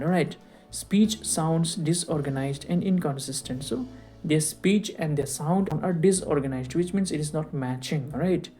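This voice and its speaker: A man giving a recorded lecture, explaining slowly and checking in with rhetorical questions like "right?". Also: fairly high pitch, mellow. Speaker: teacher.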